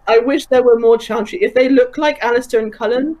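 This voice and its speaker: A woman's voice: a little high, normal speed, dark tone, lo-fi sound. A woman chatting casually on a podcast, enthusiastic and laughing often, with many fillers. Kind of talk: casual chat.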